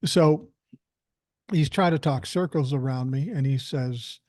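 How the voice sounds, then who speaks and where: A man's voice: a little high, unhurried, darkish tone, no echo, clean studio sound. An older man hosting a podcast, telling a story in a blunt, profane, combative way. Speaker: podcast host. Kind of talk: casual storytelling chat.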